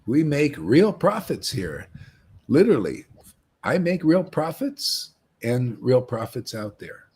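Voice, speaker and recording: Male spiritual teacher, husky, lively swoops in pitch, rambling storyteller. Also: slow pace. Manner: rambling, animated storytelling that mocks other devotees. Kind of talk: informal spiritual talk.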